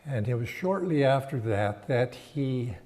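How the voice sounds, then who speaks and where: Slow, reflective older man giving a sermon. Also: mid-range voice, expressive. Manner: slow, reflective, halting phrasing with frequent restarts and soft laughs. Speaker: spiritual teacher giving a Sunday talk. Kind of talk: sermon with personal storytelling.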